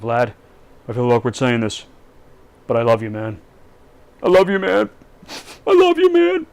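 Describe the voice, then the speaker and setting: Man doing a brash bragging tycoon, louder than his own talk, loose impression. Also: medium pitch, a little slow, vocal fry, smooth. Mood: boastful. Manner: boastful, self-admitted crappy impression. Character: boastful brash male American tycoon-politician.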